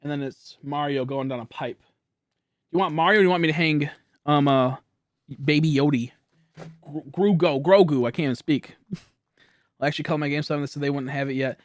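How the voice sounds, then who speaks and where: A young man streams from home, talking to his chat in a loose, rambling way and breaking into laughter often. His voice sits a little high for a man. The sound is dry and close to the mic. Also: a little fast, long pauses, no echo. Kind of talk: casual live-stream chat.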